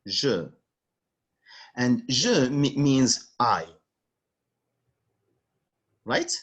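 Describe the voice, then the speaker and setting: A man's voice: medium pitch, big pitch swings, very slow, husky. A male French teacher giving an online language lesson over a video call, patiently repeating phrases.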